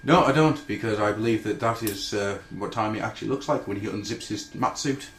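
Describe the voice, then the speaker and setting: A man's voice: fairly low pitch, expressive, moderate pace. A man co-hosting a podcast, boisterous and jokey, laughing often. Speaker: podcast co-host. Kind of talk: casual banter. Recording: roomy with faint noise.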